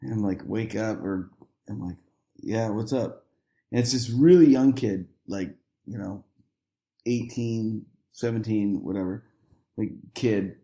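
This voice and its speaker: A man's voice: on the low side, measured pace, mellow, roomy sound. A man telling a long story as a podcast guest, acting out the quoted lines and laughing often. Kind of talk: casual storytelling.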